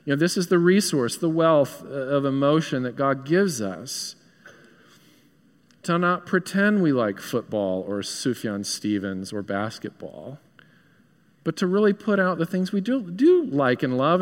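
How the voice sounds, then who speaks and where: A man's voice: on the high side, big-room sound. A man with a Southern US accent, a pastor preaching an earnest, conversational sermon in a church. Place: church sanctuary.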